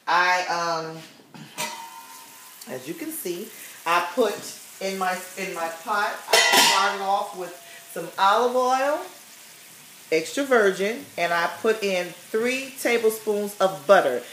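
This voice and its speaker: Slow-talking chatty woman, roomy kitchen. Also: medium pitch, a bit bright, slight background noise. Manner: chatty, tags sentences with "okay?" and "you guys". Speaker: home cook vlogger. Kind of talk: casual cooking demonstration. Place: home kitchen. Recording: roomy kitchen with faint sizzle. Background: pan sizzling.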